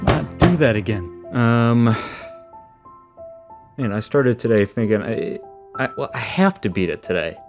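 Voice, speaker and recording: A man's voice: medium pitch, expressive, a little slow, faint music behind. A man reacting live as he plays a hard game level, with exasperated, self-scolding outbursts. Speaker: gamer playing a hard level.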